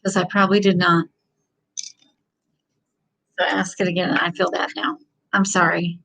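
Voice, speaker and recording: A woman's voice: fairly low pitch, level tone, normal speed, vocal fry, a bit bright, rough recording. Chatty Midwestern woman vlogging. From American Midwest. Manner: chatty, rambling, lots of "like". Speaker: beauty vlogger. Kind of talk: casual chat while getting ready. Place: home, Kansas City.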